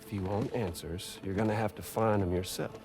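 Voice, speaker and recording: A man's voice: fairly low pitch, fairly even intonation, brisk, darkish tone, faint music behind, close to an everyday voice. An actor playing a taunting, theatrical male villain in a game cutscene, speaking in mocking, drawling taunts.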